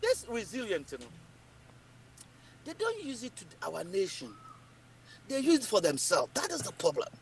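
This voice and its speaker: A Ghanaian man giving animated political commentary, emphatic and repetitive, switching between English and Twi. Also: high voice, normal speed, long pauses, a little hiss or hum.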